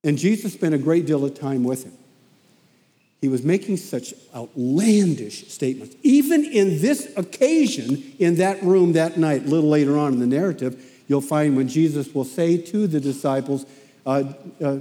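A man preaching a sermon as animated storytelling, often repeating himself as he goes. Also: a little high, moderate pace, long reverb tail.

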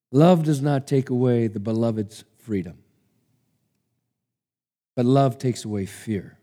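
A man's voice: mid-range voice, measured pace, long pauses, dark tone. A man preacher giving a sermon and reading a story aloud in an emphatic, dramatic way. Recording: long hall reverb.

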